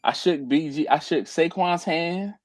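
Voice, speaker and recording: A man's voice: fairly high pitch, unhurried, a crowd in the background. A man hosting a barbecue channel, chatting casually on a live stream and rambling with restarts. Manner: animated, rambling, with repeated restarts.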